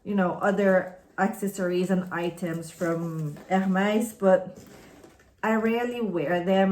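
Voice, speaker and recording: A woman's voice: fairly low pitch, slow pace, a little mellow. A woman from Canada whose first language is French, chatting in a friendly, rambling way as she unboxes and reviews products on her vlog. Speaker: beauty vlogger.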